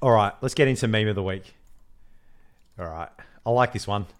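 A man's voice: lowish voice, normal speed. A man, co-hosting a podcast in casual, laughing banter. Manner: animated, swearing, laughing banter. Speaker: podcast co-host. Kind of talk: casual chat.

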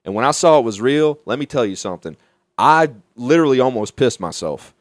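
Young man, profane and animated storyteller, lively higher voice, dry close mic. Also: brisk, dry recording. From Alabama. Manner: profane, animated, laughing often. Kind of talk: casual storytelling.

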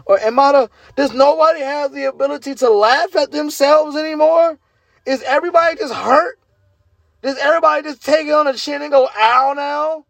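A man, ranting casually and incredulously to his viewers, swearing and climbing high in pitch when worked up. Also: steady tone, brisk, gravelly, fairly bright tone, no room sound. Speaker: vlogger. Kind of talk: casual rant to camera.

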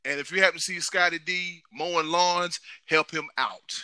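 A man co-hosting a sports podcast, with a very bright, lively voice sitting a little high. He jokes and laughs through his plugs and the closing message, recorded close and dry. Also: moderate pace, smooth, dry recording. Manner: joking, animated sign-off. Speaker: podcast co-host. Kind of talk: casual podcast chat.

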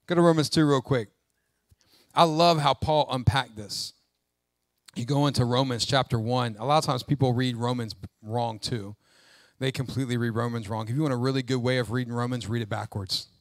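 A man, a pastor, preaching a sermon with emphatic swings between loud exhortation and hushed asides. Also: mid-range voice, normal speed, pauses often, dry recording.

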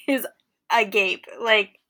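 A woman's voice: medium pitch, very slow, sharp tone. Blunt, wry woman podcast co-host. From Canada. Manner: blunt, wry, swears freely. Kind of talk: casual chat.

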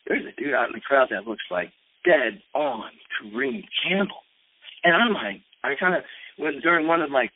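A man in his late fifties telling a story in a casual, animated way, full of fillers. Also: a little high. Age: 50s. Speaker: skateboarder and rapper. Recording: tinny phone-like radio sound.

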